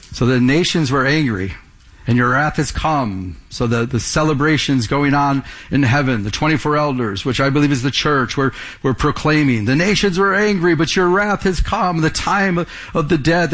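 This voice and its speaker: Man preaching in a fairly high voice. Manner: conversational preaching with frequent restarts and stammered repeats. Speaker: pastor. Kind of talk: sermon.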